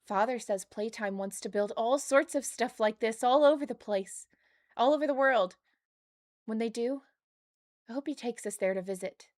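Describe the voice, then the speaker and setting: A woman's voice: fairly high pitch, normal speed, a little mellow, no room sound, studio quality, close to an everyday voice. A woman reading aloud the diary of an eleven-year-old girl, lightly raising her voice for the child. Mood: wistful.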